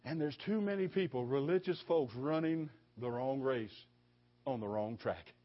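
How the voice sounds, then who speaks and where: A man's voice: mid-range voice, animated, normal speed. A man preaching a sermon, emphatic and repetitive, with stammered restarts as he presses his points. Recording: dull lo-fi sound.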